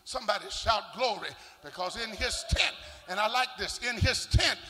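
An older man, a bishop, preaching a sermon with shouting, rhythmic sing-song delivery and call-and-response. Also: high-pitched, moderate pace. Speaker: bishop and pastor. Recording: long church reverb.

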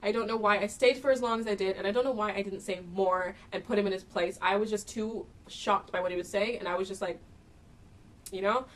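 A woman's voice: mid-range voice, brisk, distant mic, a little hiss or hum. Chatty young woman telling a story. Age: young adult. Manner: chatty, animated retelling with quoted dialogue. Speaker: vlogger. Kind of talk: casual storytime vlog.

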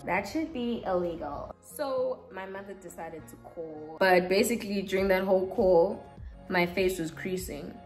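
A young woman talks in a loose, chatty way, with a voice at an ordinary middle pitch. She tells stories with life and acts out what others said. Soft music plays faintly behind her. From South Africa. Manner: chatty and animated, acts out quotes. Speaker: beauty vlogger. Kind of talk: casual storytelling chat.

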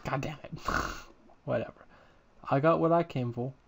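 A man's voice: mid-range voice, measured pace, creaky, slight background noise. A young man giving casual, crude, joking commentary while playing a game, talking to the creatures on screen. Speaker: gamer uploading let's-play videos.

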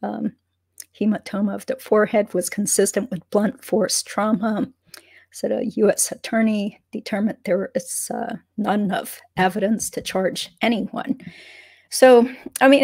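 A hoarse woman lawyer giving casual legal commentary on a vlog, talking in a conversational way with many fillers and asides. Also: medium pitch, a little mellow, no echo, studio quality.

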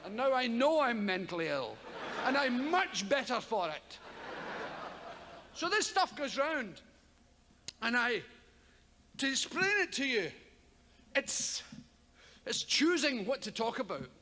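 A man's voice: extremely high pitch, sing-song, slow pace, long pauses, sharp tone. An older man with a Scottish accent doing rambling, profane stand-up comedy on a theatre stage, often laughing as he talks. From Scotland. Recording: live theatre, long reverb, audience noise.

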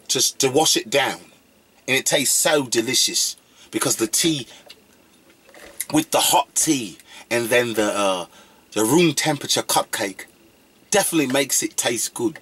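A man's voice: mid-range voice, expressive, measured pace, long pauses, a bit bright, husky. A man putting on a prim, formal English accent while tasting a cupcake. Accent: put-on English.

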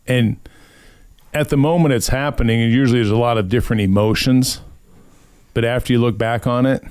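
A man's voice: on the low side, clean tone, no room sound. A man hosting a podcast, casually retelling a scripture story and acting out the people's voices in quotes. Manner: animated storyteller who acts out voices in quotes. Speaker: podcast host.

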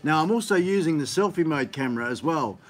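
A man's voice: a little high, animated, fast talker, slight background noise. Rambling man hosting a live stream. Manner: rambling, chatty, upbeat, many fillers. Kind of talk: casual live-stream chat. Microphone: phone on a gimbal.

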